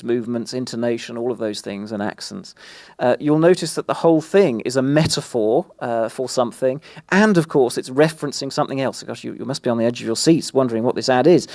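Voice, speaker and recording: A man speaking at a conference, presenting in a halting way with frequent restarts. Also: medium pitch, gravelly, darkish tone, dry recording. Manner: halting, many fillers and restarts. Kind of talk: presentation talk.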